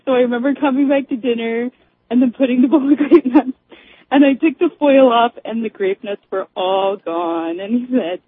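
Female caller, higher voice, breathy, tinny phone line, laughs through her story. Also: expressive, normal speed, dry recording. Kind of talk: casual chat.

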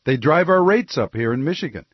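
A man's voice: fairly high pitch, animated, a little fast, slightly rough, no echo, dull audio. A man hosting a call-in radio talk show from a studio, rambling and jokey as he reads listener emails and takes calls.

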